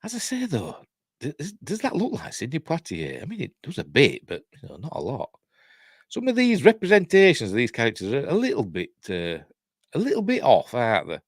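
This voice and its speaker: A man's voice: mid-range voice, huge pitch swings, a little fast, no echo, studio quality. An older man with a Yorkshire accent hosting a live stream, musing aloud casually with wry asides that trail off. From Yorkshire, England. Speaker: host of a live news stream. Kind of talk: casual chat.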